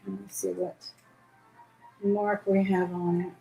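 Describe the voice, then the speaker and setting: A woman runs a live jewelry auction and talks warmly and casually while she turns each piece over in her hands. Her voice rings a little in an echoey indoor room. Faint music plays underneath. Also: mid-range voice, level tone, takes it slowly, gravelly. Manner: chatty, describes pieces while handling them. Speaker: auction host. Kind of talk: live-stream jewelry sale. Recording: roomy echo, faint music behind.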